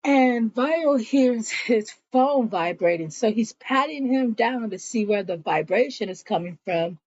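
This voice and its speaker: A woman's voice: on the high side, animated, measured pace, a little mellow, no echo, muffled recording. A woman casually recapping a TV episode in a chatty way, acting out bits of the characters' lines. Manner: chatty retelling, acts out quoted lines. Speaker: TV series reviewer.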